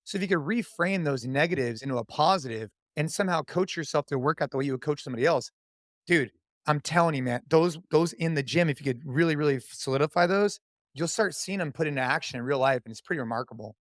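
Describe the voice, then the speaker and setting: A man's voice: fairly high pitch, fast talker, no room sound, clean studio sound. A man in his thirties, a podcast guest, talking casually and with energy, like a fitness coach cheering someone on. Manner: energetic, coach-like, says dude and man a lot. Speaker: podcast guest, CrossFit athlete.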